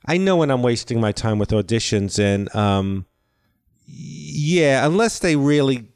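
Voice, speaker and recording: An older man talks as an interview guest, wandering through stories with constant restarts and self-deprecating asides. His voice comes through smooth and clear, at an ordinary middle pitch. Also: expressive, unhurried, a little mellow. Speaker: guest, actor and comedian. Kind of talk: casual interview chat.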